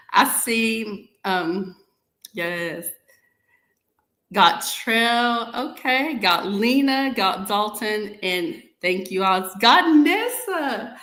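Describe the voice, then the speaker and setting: A woman's voice: mid-range voice, echoey room. A woman hosting a podcast, talking casually to viewers and often saying "y'all". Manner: chatty, warm toward viewers, says "y'all" often. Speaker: podcast host. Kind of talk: casual live-stream talk to viewers.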